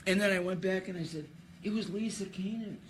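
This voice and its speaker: A man's voice: high-pitched, fairly even intonation, brisk, slight background noise. A man announcing a trivia contest, who tells a story at an awards ceremony before a live audience. He rambles, laughs and restarts his sentences.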